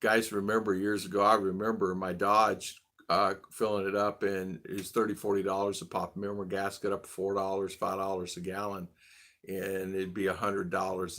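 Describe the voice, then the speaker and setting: A man's voice: sits low, flat delivery, moderate pace, a bit bright. A man from the United States hosting a casual livestream, thinking aloud and greeting viewers by name as he goes. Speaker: vlogger host.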